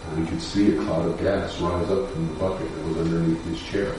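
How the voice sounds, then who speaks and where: A man, a defense lawyer, telling a personal story in a measured, somber way with pauses and fillers. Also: low voice, little pitch movement, distant mic, background noise. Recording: echoey room picked up from afar.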